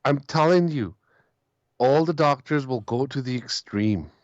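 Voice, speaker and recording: A man's voice: medium pitch, animated, unhurried, no room sound. A male caller tells a rambling, repeating story on a phone-in show. The line sounds dull and dry, with no room around it. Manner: rambling, repeats himself, quotes others.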